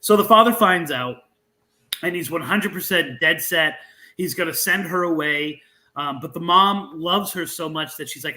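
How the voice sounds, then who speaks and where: A man's voice: on the high side, moderate pace, low-quality recording. A man, a guest author and researcher, telling a local legend in an interview with restarts and fillers as he goes. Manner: animated storyteller with frequent restarts and fillers.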